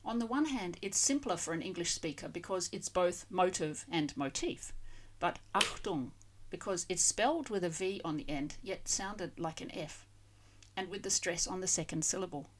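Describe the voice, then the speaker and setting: A woman's voice: lowish voice, expressive, moderate pace, a little hiss or hum. A woman hosting a language-learning channel, giving a scripted vocabulary lesson and carefully spelling out foreign words.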